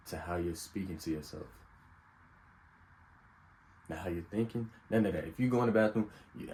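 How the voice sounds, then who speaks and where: A man's voice: low-pitched, dark tone, slight background noise, rough recording. A young man talking earnestly and unscripted in a personal advice vlog, open and vulnerable. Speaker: self-help vlogger.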